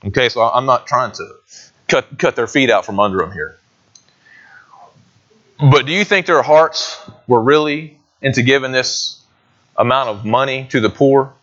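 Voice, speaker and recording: A man's voice: mid-range voice, expressive, a little slow, pauses often, a bit bright, muffled recording. A man preaching a sermon in a conversational way, often asking his listeners questions. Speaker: pastor.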